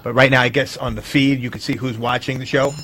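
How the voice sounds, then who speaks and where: Fast-talking teasing man co-host. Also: medium pitch, little pitch movement, fairly bright tone, a little hiss or hum. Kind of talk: casual live show banter.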